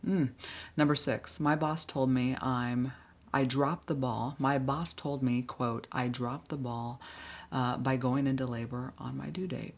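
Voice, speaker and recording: A woman's voice: very deep voice, fairly even intonation, a little slow, darkish tone. A woman giving casual, blunt reaction commentary on workplace stories, sighing often with exasperated asides.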